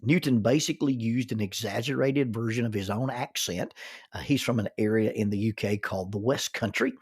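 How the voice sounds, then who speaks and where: A man's voice: on the low side, brisk, husky, dry recording, clean studio sound. A middle-aged man telling a personal story in a folksy, chuckling way. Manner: folksy, chuckles through his stories. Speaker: storyteller and minister.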